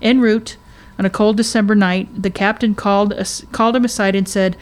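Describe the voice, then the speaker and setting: A woman's voice: medium pitch, fairly even intonation, brisk, hardly any pauses. A woman co-hosts a casual faith podcast in a mid-range voice. She speaks earnestly and often restarts her sentences as she shares. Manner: earnest, restarts often, reads story aloud. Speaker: podcast co-host.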